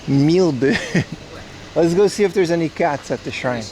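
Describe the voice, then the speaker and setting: A man with a high-ish, expressive voice and darkish tone talks briskly while hosting a casual livestream. He walks outdoors through the streets and to a shrine in hot weather, rambling and chatting with his viewers.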